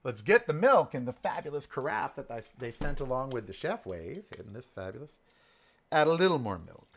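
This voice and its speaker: A man in his forties from Southern California, telling a story in a casual, sassy, animated way while cooking on a home vlog. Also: medium pitch, a little fast, slight background noise.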